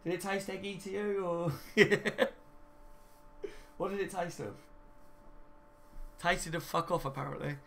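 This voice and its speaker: A man's voice: high-pitched, a little slow, creaky, pauses often, a bit bright. A young man hosting a casual live stream from home, reading viewer comments and laughing often. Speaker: fan channel host.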